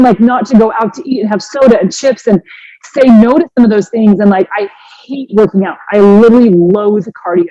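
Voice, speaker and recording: A woman's voice: fairly high pitch, moderate pace, no echo. Earnest woman in her forties, dull dry sound. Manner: earnest, animated, frequent "like" and restarts. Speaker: fitness coach and podcast guest. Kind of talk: emotional personal storytelling.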